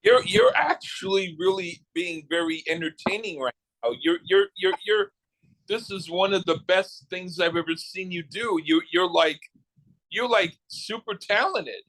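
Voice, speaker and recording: A man's voice: sits high, a little slow, a bit bright, poor audio. A man co-hosting a podcast in casual chat, teasing and stumbling over restarts. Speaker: podcast co-host.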